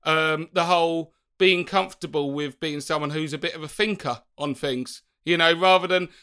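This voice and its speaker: A man's voice: on the high side, normal speed, sharp tone, clear, resonant tone. A man chatting as a guest on a comedic podcast, easygoing and laughing along.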